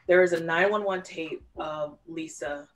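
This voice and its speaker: A woman co-hosting a casual true-crime podcast, retelling a case in an animated storytelling way. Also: deep voice, a little slow. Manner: storytelling, animated recounting with quoted voices. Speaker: podcast co-host.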